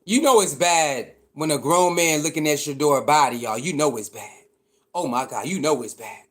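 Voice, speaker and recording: A man ranting in a casual, mocking and incredulous way, repeating himself, laughing, and jumping from shouts down to mutters. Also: a little high, moderate pace. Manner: mocking, incredulous, swings between shouting and mumbling. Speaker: commentator reacting to online critics. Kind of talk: animated casual rant.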